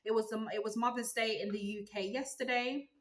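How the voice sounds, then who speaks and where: A woman giving a tarot reading, musing aloud in a loose, animated way. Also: fairly high pitch, a little fast, poor audio. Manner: animated, musing aloud, breaks into sung gospel snippets. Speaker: tarot reader.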